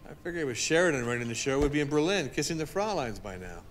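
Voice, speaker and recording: A man's voice: on the high side, very animated, quick pace, faint music behind. An actor playing an impatient male army soldier in a war video game, complaining and restless.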